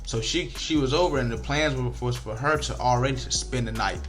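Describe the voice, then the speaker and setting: A man's voice: mid-range voice, fairly quick, soft background music. A young man giving casual, frustrated commentary over a football video game, swearing often and shifting between rants and storytelling. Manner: frustrated, animated, swears a lot, African American Vernacular English speech patterns.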